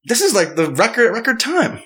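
A young man riffing with his co-host in a loose, comedic podcast chat. His pitch leaps up and down as he jokes, laughs and swears without a care. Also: very animated, a little fast, fairly bright tone. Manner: playful, swears freely, laughs often.

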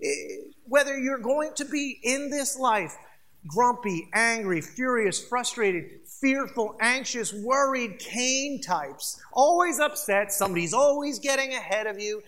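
Animated and a little slow, this pastor has a mid-range, fairly bright voice. His sermon is forceful but conversational, addressed right to the congregation, with phrases repeated for emphasis.

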